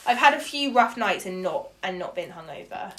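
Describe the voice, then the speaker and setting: A young woman chatting casually as a podcast co-host, expressive and full of slang. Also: mid-range voice, moderate pace. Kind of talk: casual chat.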